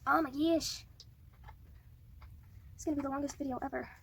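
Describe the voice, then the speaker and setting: A woman's voice: high-pitched, steady tone, normal speed, creaky, a little hiss or hum. A woman doing flubbed takes of a cosplay skit, giggly and flustered as she restarts her lines.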